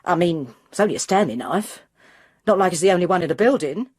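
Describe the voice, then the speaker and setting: A young receptionist on the phone, dismissive just short of rude, played by a woman reading the story. Her husky voice rises and falls a lot. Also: lowish voice, expressive, fairly quick, darkish tone. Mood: insolent. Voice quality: insolent, dismissive. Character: insolent young female office receptionist.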